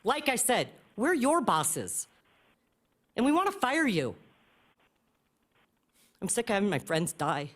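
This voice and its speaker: A woman's voice: medium pitch, very animated, moderate pace, long pauses. A woman speaking angrily and bluntly at a county commission meeting, hammering her points with repeated phrases into a podium microphone. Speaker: public commenter at a county meeting. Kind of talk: impassioned public comment.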